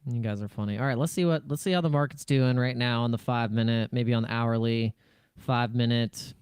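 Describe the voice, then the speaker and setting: A man's voice: medium pitch, steady tone, brisk, darkish tone, clean tone, no echo, studio quality. A man hosting a casual crypto live stream, rambling and jokey, with frequent restarts and laughs. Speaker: crypto livestream host.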